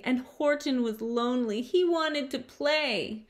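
A woman teacher reading a picture book aloud to her class, with an expressive storytelling delivery. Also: sits high, takes it slowly, few pauses. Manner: expressive, putting on character voices.

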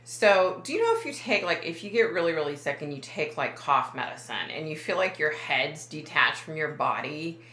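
Woman, low bright voice, psychic medium, rambling casual talk, roomy echo. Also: lively intonation, moderate pace, few pauses. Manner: rambling, self-correcting, many fillers. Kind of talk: casual monologue to camera.

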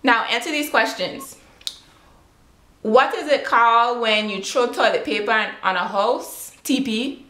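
A woman's voice: on the high side, pushed and bright. A young woman with a Caribbean accent, reading words one by one and answering questions in a casual vlog. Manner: slow, drawn-out word-by-word reading. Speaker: beauty vlogger. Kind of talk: casual word-list accent tag. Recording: roomy home room echo.

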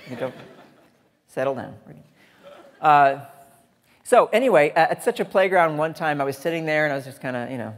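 On a large lecture hall stage, a man delivers a joking, chatty conference talk with asides to the audience. His voice is a little high and animated, at normal speed with long pauses, and hall reverb colors the recording.

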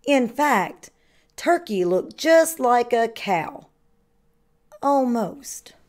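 A woman reads a children's picture book aloud in the measured way of a kindergarten teacher. She takes her time over each line, her voice sitting a little high, and leans into the story's turns for effect. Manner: slow, expressive storytelling. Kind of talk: children's read-aloud narration.

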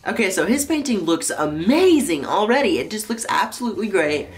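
A young man vlogging while high, excitable and rambling as he paints along and talks to the camera. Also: brisk, faint music behind. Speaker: YouTuber. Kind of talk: casual vlog commentary.

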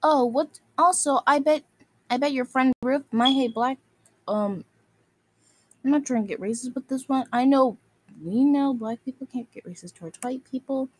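The woman's voice is high-pitched and comes at normal speed over a little hiss or hum. Angrily, she scolds and insults other video makers, returning repeatedly to the same phrases.

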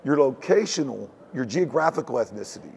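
A man's voice: mid-range voice, expressive, a little fast, creaky, a little mellow, slight background noise. A man from Texas, talking as an interview guest in a rambling, looping way. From Houston, Texas. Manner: rambling, looping phrasing with frequent "it's like". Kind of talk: casual conversational interview. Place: hacker convention floor.

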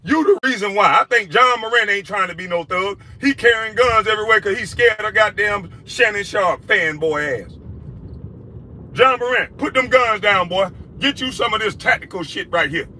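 A former basketball player ranting at someone with insults and mockery. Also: male voice, sits high, lively intonation, normal speed, pushed and bright, a little hiss or hum. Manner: insulting, mocking, profane. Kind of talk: profane rant in a played clip.

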